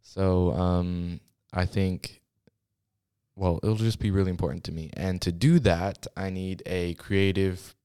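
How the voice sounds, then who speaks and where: A young man with a very low voice talks casually into a studio microphone, rambling and restarting his sentences. He keeps running short of breath between quick bursts of talk. The sound is dry and close, with no room echo. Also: fairly even intonation, warm tone, smooth. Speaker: podcast host. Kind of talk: casual solo podcast chat. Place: small school podcast studio.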